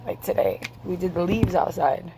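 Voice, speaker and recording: A woman's voice: on the low side, moderate pace, dark tone, a little hiss or hum. A woman in her forties venting to her camera, angry, tired and swearing freely. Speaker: vlogger.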